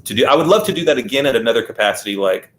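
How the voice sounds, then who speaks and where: A man talks in a loose, easygoing way as an interview guest. His pitch sits in the middle range. He rambles and keeps circling back with casual fillers. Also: expressive, racing, a bit bright. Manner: rambling, laid-back, heavy use of "like" and "man". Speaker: guest magician.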